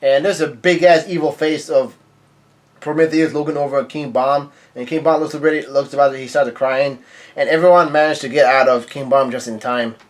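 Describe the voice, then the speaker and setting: Male comic reviewer, rambling casual recap, fairly high voice. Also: fairly even intonation, a little fast. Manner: rambling, many fillers and restarts. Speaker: manga reviewer.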